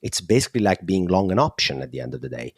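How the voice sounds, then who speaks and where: A man's voice: low-pitched, sing-song, quick pace, husky, no room sound, clean studio sound. A man with an Italian accent, a guest analyst explaining markets in an interview, thinking aloud with fillers.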